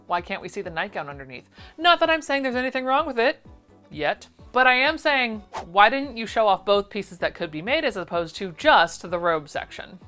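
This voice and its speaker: Bright, sarcastic woman reviewing sewing patterns. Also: medium pitch, normal speed, soft background music. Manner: sarcastic, exasperated, animated. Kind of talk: casual review vlog.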